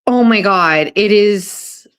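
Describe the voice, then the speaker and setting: Excitable woman live streaming. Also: medium pitch, slow, smooth. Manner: excitable, swearing, often gasping and laughing. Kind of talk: casual live stream chat. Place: her kitchen table.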